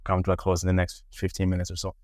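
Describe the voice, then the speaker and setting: A man's voice: deep voice, monotone, dry recording, studio quality. A man hosting a podcast interview, repeating words as he frames his questions. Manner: halting, repeats words while framing questions. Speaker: podcast host. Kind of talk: conversational interview.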